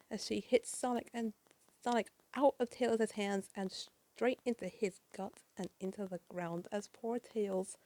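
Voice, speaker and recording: Casual woman reading a comic out loud, chatty with asides, dry close sound. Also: medium pitch, dry recording. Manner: chatty, swears, lots of fillers. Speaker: comic reader.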